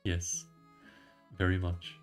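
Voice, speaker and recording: A steady male commander speaks softly and evenly, soothing and kind, as a man reads him out. His voice sits low and unhurried, like a game character's calm reassurance. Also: faint music behind. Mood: gentle. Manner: soothing and measured. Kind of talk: reading game dialogue aloud.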